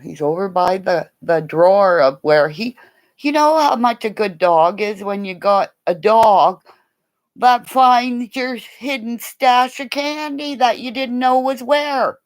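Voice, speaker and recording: An older woman chatting casually on a livestream, telling rambling stories and now and then whispering softly to her dog. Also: fairly high pitch, low-quality recording. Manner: rambling storytelling, swings between loud exclamations and soft whispers to her dog.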